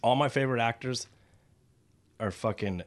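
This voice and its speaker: A man's voice: mid-range voice, normal speed. An American man co-hosting a podcast, talking casually with lots of swearing and rambling asides. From United States. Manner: profane, rambling, animated. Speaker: podcast co-host. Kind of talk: casual chat.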